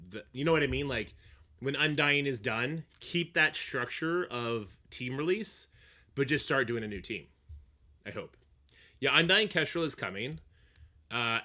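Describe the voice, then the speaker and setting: A man streaming live, chatting casually with viewers, swearing often and getting animated. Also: mid-range voice. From Canada. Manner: profane, animated, answers chat. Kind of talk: casual livestream chat.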